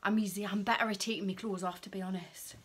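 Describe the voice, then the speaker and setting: A woman chatting on a casual vlog, excitable and cheeky, swinging between gushing and hushed asides. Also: medium pitch, fast talker, breathy edge. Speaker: vlogger.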